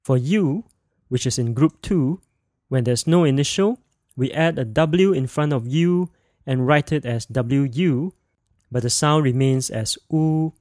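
A man hosting a podcast language lesson, modeling sounds slowly and clearly for listeners to repeat. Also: mid-range voice, a little mellow, no room sound, clean studio sound. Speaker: language teacher and podcast host.

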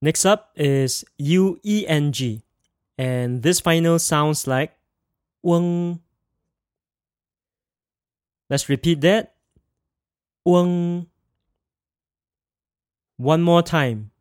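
A man leads a pronunciation lesson at a very unhurried pace and models each sound with care so the listener can repeat it. His voice sits a little high for a man, and the recording is close and dry. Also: a little mellow, no room sound. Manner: slow, careful modelling of sounds for repetition. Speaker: language teacher.

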